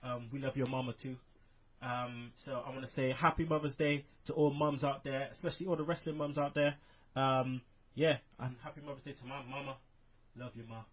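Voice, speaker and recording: A man's voice: mid-range voice, steady tone, brisk. A man hosting a casual wrestling podcast, rambling with lots of fillers in an upbeat way, over a muffled online call. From United Kingdom. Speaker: podcast host.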